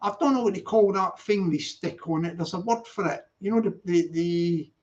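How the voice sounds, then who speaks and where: A man's voice: high voice, normal speed, darkish tone. A man hosting a casual live stream, reading out viewer comments and rambling in a jokey, slangy way with lots of restarts. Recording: muffled lo-fi audio.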